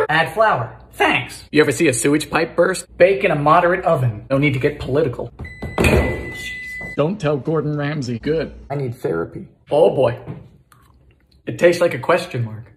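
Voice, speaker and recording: A man cooking in his home kitchen, trading dry sarcastic quips with sudden shouted outbursts. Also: on the high side, lively intonation, moderate pace, reverberant. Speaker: comedy cooking host. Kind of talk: quick comic cooking commentary.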